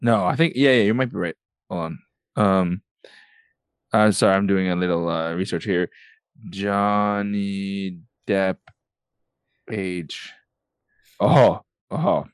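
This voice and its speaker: A man's voice: sits low, takes it slowly, pauses often, smooth, dry recording, studio quality. A young man co-hosting a podcast, chatting in an easygoing, agreeable way with lots of filler words. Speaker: podcast co-host. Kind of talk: casual chat.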